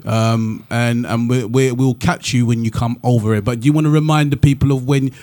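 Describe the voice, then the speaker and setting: A man with a South London accent co-hosts a radio show, talking in a mid-pitched voice. His delivery is easygoing and conversational, full of friendly banter. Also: steady tone, fairly quick, mellow. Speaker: radio co-host. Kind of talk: casual radio interview chat.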